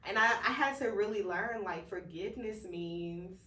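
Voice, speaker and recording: A woman's voice: medium pitch, moderate pace, bright, forceful tone. A woman co-hosting a podcast in casual, emphatic, slangy chat. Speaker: podcast co-host. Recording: roomy, distant from mic.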